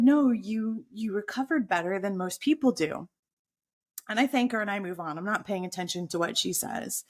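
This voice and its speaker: A woman speaking at a middle pitch, telling a lively personal anecdote as a podcast guest. She slips into quoted inner thoughts as the story builds. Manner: animated anecdote with voiced quotes of her own thoughts.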